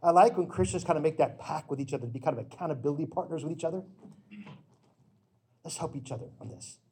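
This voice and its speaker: A middle-aged man preaching a sermon with slides, in an earnest, emphatic storytelling manner that breaks into sudden loud bursts. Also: a little high, fast talker, a little hiss or hum.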